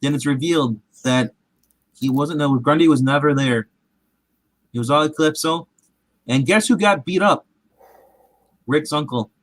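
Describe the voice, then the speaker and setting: A man's voice: fairly high pitch, unhurried, long pauses, rough recording. A man recapping a show in casual, rambling chat, acting out quotes in different voices. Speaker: comic show recap host.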